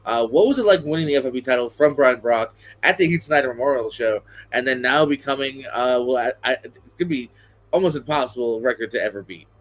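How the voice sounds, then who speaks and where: A man's voice: medium pitch, lively intonation, brisk. A male host asking an interview guest questions and reading out wrestling history with lots of fillers. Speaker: podcast host.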